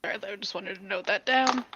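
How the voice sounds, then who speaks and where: A woman's voice: mid-range voice, vocal fry, noisy background. A woman playing a tabletop game, asking eager questions in casual chat. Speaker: player.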